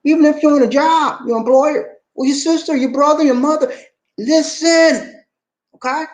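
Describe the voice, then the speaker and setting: A man hosting a casual advice talk, telling stories in a lively, animated way. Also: moderate pace, echoey room. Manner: animated storytelling with swooping pitch. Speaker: relationship video host.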